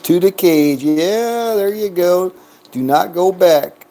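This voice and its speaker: A man's voice: high-pitched, slow pace, creaky, mellow, slight background noise. A man giving casual, joking commentary while playing a craps game, chatting to himself and counting bets and chips aloud.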